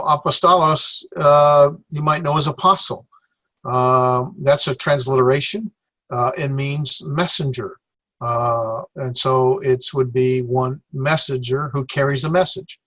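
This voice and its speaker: A man teaching a Greek class, lecturing slowly with many fillers and self-corrections. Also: medium pitch, fairly bright tone.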